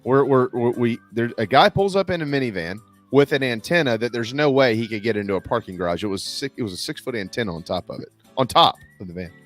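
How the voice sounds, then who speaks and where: A man hosts a casual sports radio show, spinning an anecdote at an easy, mid-pitched pace. He talks into a studio microphone, with faint music playing under his voice. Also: lively intonation, fast, hardly any pauses. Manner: storytelling with Southern "y'all".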